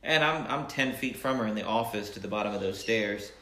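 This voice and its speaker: A man in his thirties casually retelling a story, playful and animated, acting out what people said. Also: on the low side, brisk, slight background noise. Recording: echoey room.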